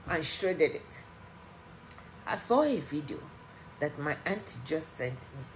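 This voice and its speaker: A woman's voice: lowish voice, animated, unhurried, a little mellow, rough recording. A Nigerian woman delivering an impassioned political rant as a vlogger, heated and emphatic, repeating her points.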